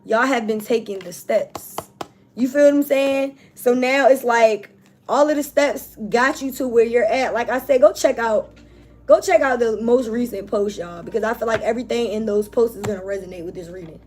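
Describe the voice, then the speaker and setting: A woman's voice: on the high side, normal speed, darkish tone. A woman giving an emotional spiritual tarot reading, talking casually and emphatically to her viewers. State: tearful, on the verge of crying. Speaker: tarot reader.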